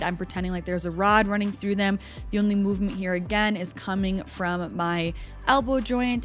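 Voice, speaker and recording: A young woman, a personal trainer talking viewers through workout form in a chatty, instructive voice-over. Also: mid-range voice.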